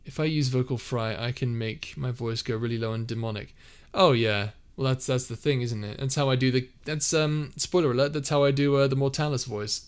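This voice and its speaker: A young man chatting loosely on a live stream from his house. His voice sits in a middle pitch, and he wanders into fillers and restarts as he reads and reacts to comments. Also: brisk, few pauses, smooth. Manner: easygoing, rambling, many fillers and restarts. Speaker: streamer and audio roleplay creator. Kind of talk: casual live-stream chat, reading comments. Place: a house, indoors.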